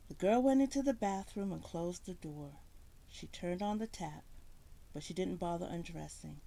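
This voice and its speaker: A woman's voice: fairly low pitch, normal speed, gravelly. A woman reading a story aloud, narrating expressively. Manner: expressive narration with voiced characters.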